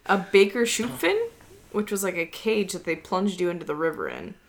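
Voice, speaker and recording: A woman's voice: on the low side, big pitch swings, moderate pace. A woman in casual podcast chat, telling a history story with lots of "like" fillers and easy laughs. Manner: chatty storytelling, many "like" fillers, laughs often.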